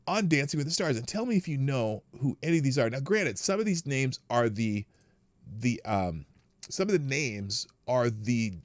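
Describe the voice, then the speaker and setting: Animated man hosting a live stream. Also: on the high side, dry recording. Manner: chatty, greets viewers in chat, wry asides. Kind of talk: casual live-stream chat.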